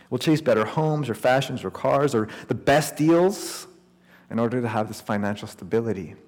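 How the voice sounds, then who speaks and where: A man's voice: medium pitch, a little mellow. Male preacher in a reverberant hall. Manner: storytelling, conversational preaching. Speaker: pastor. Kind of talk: sermon.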